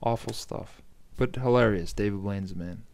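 A man's voice: lowish voice, normal speed, creaky, darkish tone, a little hiss or hum. A man co-hosting a podcast, rambling through crude comic stories and laughing often. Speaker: podcast co-host. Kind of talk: casual comedic chat.

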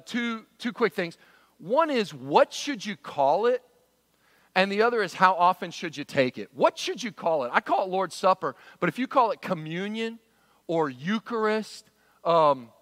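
High-voiced preacher with a twang. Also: male voice, no echo. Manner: animated preaching, acts out quotes, swings loud to hushed. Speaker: pastor. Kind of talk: sermon.

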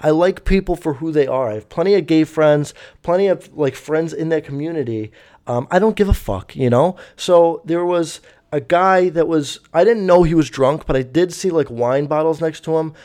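A man's voice: a little high, moderate pace, dark tone. A young man telling a story in a casual, rambling way, swearing often and using many fillers. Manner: rambling, profane, full of fillers.

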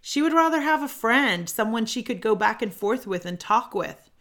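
A middle-aged woman hosting a solo self-help podcast, telling a personal story in an earnest, animated way. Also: on the high side, normal speed. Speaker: podcast host.

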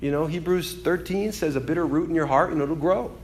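A man preaching a sermon in an animated way, acting out the voices he quotes and swinging between loud and hushed delivery. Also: fairly high pitch, a little fast. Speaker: pastor.

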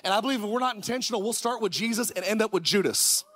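A man, a pastor, preaching an energetic sermon in a church, with rhetorical questions and shouted lines. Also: sits high, quick pace. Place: church sanctuary.

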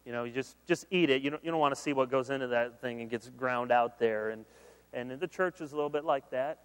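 A man preaching a sermon as pastor, conversational and animated, mixing humor with earnest appeals. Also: medium pitch, fast talker, clean tone. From Michigan, USA. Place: large conference hall. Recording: long hall reverb.

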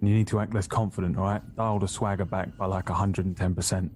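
Deep casual man playing a tabletop game. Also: fairly even intonation, fast talker, a little mellow, a little hiss or hum. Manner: casual, hesitant, plain-spoken. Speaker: player. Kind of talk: in-character tabletop role-play.

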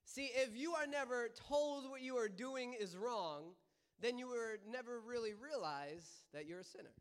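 A young man preaching in a church, his voice high and smooth. He moves from earnest teaching into lively storytelling and laughs easily. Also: moderate pace. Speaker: pastor. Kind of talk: sermon with personal story. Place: church service.

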